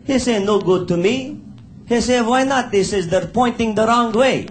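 A man's voice: very high-pitched, normal speed. A male stand-up comedian telling profane jokes in broken English on a noisy live recording.

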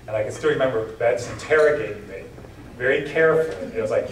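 A man's voice: medium pitch, fast talker. Heartfelt man speaking in a hall. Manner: heartfelt, voice drops and chokes up at tender moments. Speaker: keynote speaker. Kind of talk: emotional personal speech. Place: banquet hall. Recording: roomy hall recording from a distance.

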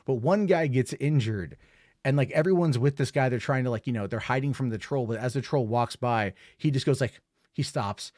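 A man's voice: mid-range voice, normal speed, a little mellow, no echo, studio quality. A man giving a casual spoken film review, rambling with lots of fillers and an amused tone.

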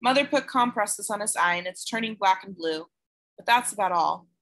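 An anxious, protective teenage girl, as a woman reading a storybook puts her on. She speaks earnestly and tensely in a bright, slightly raised voice. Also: medium pitch, animated, moderate pace.

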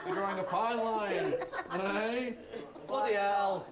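A man's voice: high-pitched, fairly even intonation, slow. A man putting on a mocking voice of a taunting male school bully. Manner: mocking sing-song taunts. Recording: echoey, noisy crowd behind.

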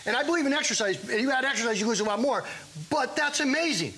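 A middle-aged man pitching his food products on a home shopping show, animated and joking, sometimes talking with his mouth full. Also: racing, breathy edge, poor audio. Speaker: guest brand founder.

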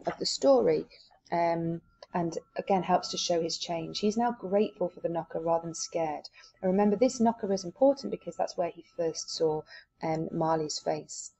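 Husky woman teacher explaining a text. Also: on the low side. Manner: steady explaining with frequent hesitations. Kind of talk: reading aloud and explaining a set text. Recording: dull lo-fi recording.

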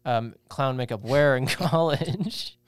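A young man co-hosting a podcast in casual chat, laughing often and breaking in with halting remarks. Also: medium pitch, clear, resonant tone, dry recording, clean studio sound. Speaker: podcast co-host.

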